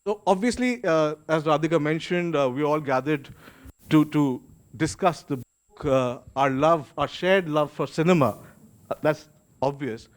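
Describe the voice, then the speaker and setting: A man's voice: a little high, unhurried. A man with an Indian English accent hosting and moderating a book launch, talking casually with frequent fillers and restarts. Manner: chatty, warm-up remarks with many restarts and fillers. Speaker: host and moderator. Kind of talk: casual public speaking at an event. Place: event hall.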